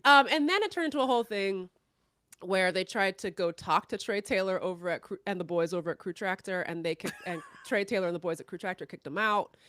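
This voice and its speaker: A woman co-hosting a podcast who tells stories in animated, casual chat, laughing often and swearing casually. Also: mid-range voice, fairly quick, dry recording, clean studio sound. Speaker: podcast co-host.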